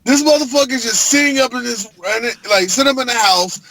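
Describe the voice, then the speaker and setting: A man co-hosting a podcast, chatting casually about a movie as an animated, profane storyteller who laughs often. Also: very high-pitched, fast talker, low-quality recording. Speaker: podcast co-host. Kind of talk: casual movie review chat.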